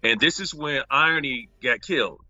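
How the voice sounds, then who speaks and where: Bright, animated man telling set stories. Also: mid-range voice, moderate pace, dry recording, lo-fi sound. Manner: animated, acts out quotes in raised voices, laughs often. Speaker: actor, interview guest. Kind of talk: casual interview storytelling.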